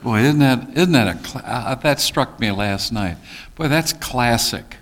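Teaching a Bible study class, a man reads scripture deliberately and tosses folksy, teasing asides to his listeners. His voice is medium in pitch, animated, and a bit bright.

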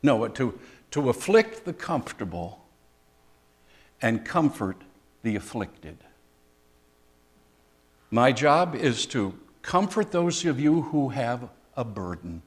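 An older man preaching a sermon as a pastor, conversational, with dry humor and pauses. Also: mid-range voice, sing-song, husky.

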